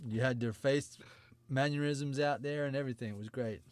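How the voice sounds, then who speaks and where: A man with a middle-pitched voice co-hosting a podcast. He jokes around in casual chat, with a taste for crude humor. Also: fairly even intonation, fairly quick, no room sound. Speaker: podcast co-host.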